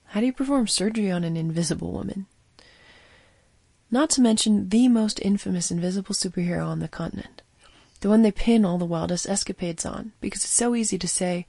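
A woman's voice: on the low side, moderate pace, vocal fry, darkish tone, husky, no echo. A woman reading a scripted first-person audio drama as narrator, with a wry storytelling manner.

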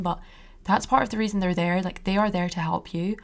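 A young woman talks through her own podcast episode in an open, chatty monologue. Her voice sits on the low side with a gravelly edge. She sounds reassuring and conversational, as if confiding in a listener. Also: steady tone, brisk. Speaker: podcast host.

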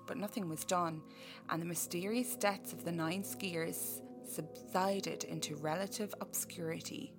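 A woman's voice: on the low side, fairly even intonation, unhurried, over music. An Irish woman co-hosting a podcast, reading out a case and breaking off to joke and chat. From Ireland. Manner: reads case notes then riffs with jokes. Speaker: podcast co-host. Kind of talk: casual storytelling chat.

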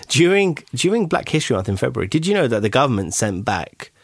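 A man's voice: medium pitch, moderate pace, slightly rough. A man, hosting a podcast in easygoing chat, laughing easily. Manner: expressive, laughs easily, hesitant restarts. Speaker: podcast host.

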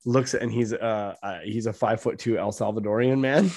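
A man's voice: fairly low pitch, steady tone, brisk, a little mellow. A man, a comedian telling a story in casual, profane chat and laughing as he goes. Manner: laid-back, profane, laughs through stories.

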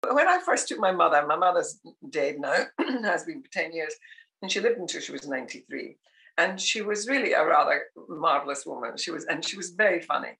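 A woman's voice: sits low, lively intonation, brisk, vocal fry, fairly bright tone. An older woman, a podcast guest telling family anecdotes with frequent laughter. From Scotland. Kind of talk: conversational interview.

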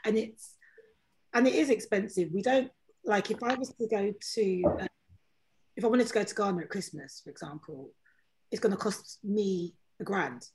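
London woman, podcast regular, talks in halting, thinking-aloud chat at a middle pitch. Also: darkish tone. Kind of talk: casual panel chat.

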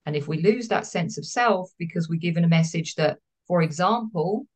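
A woman's voice: on the low side, expressive, normal speed, darkish tone. A woman therapist, speaking as a guest in a podcast interview, explaining earnestly and repeating words for emphasis.

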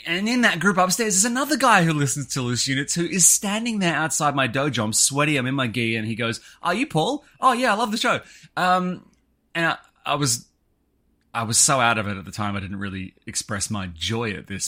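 A man co-hosting a podcast, telling a story in casual chat, animated and full of swings in pitch. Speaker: podcast co-host.

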